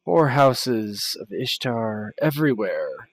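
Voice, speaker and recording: A man doing a haughty female desert priestess, formal and aloof, a touch higher and louder, slow with a gravelly edge. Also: big pitch swings, exaggerated voice. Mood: cool, formal.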